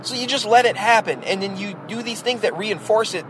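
A man's voice: sits high, fairly quick, a little hiss or hum, poor audio. A man hosting a podcast, talking bluntly and at length about raising kids in a casual, opinionated monologue. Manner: rhetorical, addresses the listener directly. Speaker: podcast host; parent.

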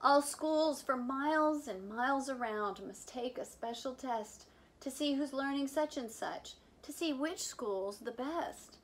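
A woman's voice: high-pitched, a little slow. A woman voicing a fretful, tearful male school principal from a picture book, speaking in an anxious, mournful way. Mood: worried. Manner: anxious, mournful storybook delivery.

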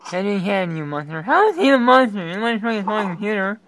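A man giving reaction commentary, talking along casually and breaking into loud, excited exclamations. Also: high voice, fast, background noise. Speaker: reaction video creator.

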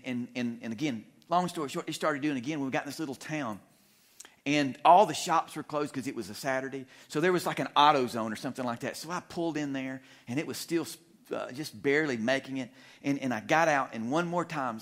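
A male pastor telling a humorous story in a sermon, animated and full of restarts. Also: mid-range voice. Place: church sanctuary.

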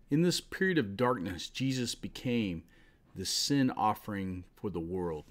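A man giving a Bible study commentary, explaining slowly and citing verses. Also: fairly low pitch, expressive. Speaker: Bible teacher.

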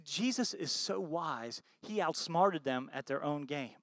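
High-voiced emphatic American pastor preaching. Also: male voice, animated, moderate pace, hardly any pauses, no echo, studio quality. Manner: swings between loud emphatic bursts and low soft asides; asks the congregation rhetorical questions. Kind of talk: sermon.

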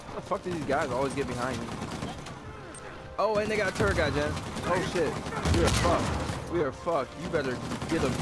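A young man giving loud, joking, profane commentary while playing a video game. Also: fairly high pitch, very noisy. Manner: loud, joking, swears often. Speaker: gaming channel host. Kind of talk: casual gameplay commentary. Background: game music and gunfire.

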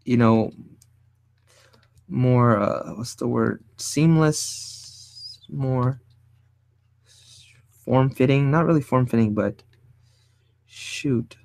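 A man teaching design while he draws, thinking aloud in a casual, rambling way, often hunting for the right word and sometimes speaking low. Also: very slow, creaky, long pauses, dry recording. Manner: speaks fairly low and quiet at times. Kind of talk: casual drawing tutorial talk.

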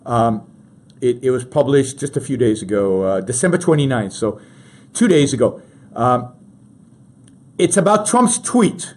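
A man's voice: medium pitch, lively intonation, a little slow, pauses often, darkish tone. A man hosting a talk show, giving emphatic political commentary and addressing his listeners directly, often restarting his sentences.

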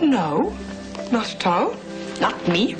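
A woman's voice: mid-range voice, takes it slowly. An actress playing a bold, teasing young woman in a film. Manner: teasing, lively. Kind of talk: film drama acting. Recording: film clip with loud music.

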